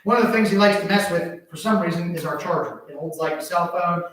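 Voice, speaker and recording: A high-voiced man preaching a sermon in a church, his voice ringing through a very echoey hall. He sounds like he is standing well away from the mic. He tells stories with animated swings between hushed asides and loud exclamations. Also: brisk, distant mic. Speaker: pastor. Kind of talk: sermon with personal story. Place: church sanctuary.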